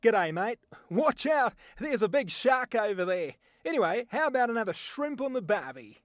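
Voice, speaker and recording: Man voicing a jovial Australian bloke, loud, high, dry sound. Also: very animated, normal speed, no echo.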